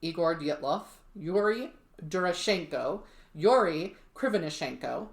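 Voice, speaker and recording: A woman with a slightly low voice tells a true mystery on her podcast. She keeps it chatty and throws in wry asides. The room around her sounds roomy and echoey. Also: animated, unhurried. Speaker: podcast co-host. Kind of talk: casual storytelling podcast.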